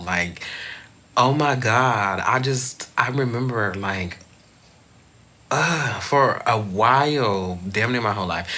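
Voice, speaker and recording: Here a young man talks casually to camera as a vlogger. He's expressive, at times rising high and loud and at times dropping to a soft whisper.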